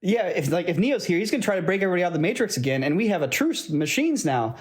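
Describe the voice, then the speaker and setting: A man with a slightly high voice on a podcast, making dry, joking comparisons. He talks in easy, casual banter. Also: sing-song, racing. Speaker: podcast co-host.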